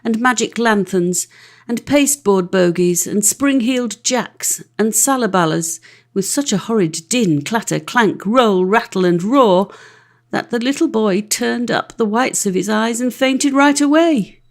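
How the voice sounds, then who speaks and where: Woman, audiobook narrator, expressive storybook reading, gravelly texture. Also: fairly high pitch, a little slow.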